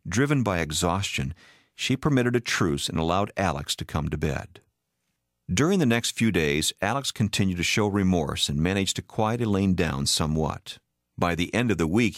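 A man reading a story aloud as an expressive audiobook narrator. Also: low-pitched, dry recording, studio quality.

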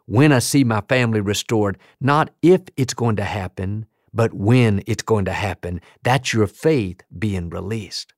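A man's voice: on the low side, no echo, studio quality. A middle-aged male pastor preaching a sermon with emphatic, repeated declarations and punchy rises on key phrases.

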